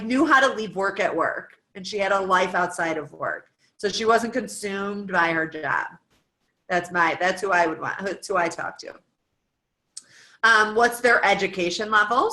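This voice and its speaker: A chatty woman in her thirties from the United States talks through a coaching worksheet, firing off one question after another. Her voice is bright and forward, and her talk is loose and informal, full of "um" and "like". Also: mid-range voice, poor audio. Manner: chatty, lots of "um" and "like", asks lists of questions. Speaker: guest speaker coaching fitness coaches.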